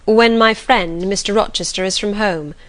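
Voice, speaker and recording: A woman voicing a polite, formal gentleman traveller in his thirties in an audiobook. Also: mid-range voice, normal speed, close to an everyday voice.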